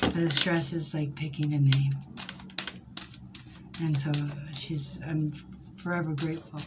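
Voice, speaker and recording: A woman's voice: deep voice, level tone, measured pace, heavy background noise. A woman giving a live tarot reading to her viewers, emotional and rambling as she talks through each card and calls people by name. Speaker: tarot reader.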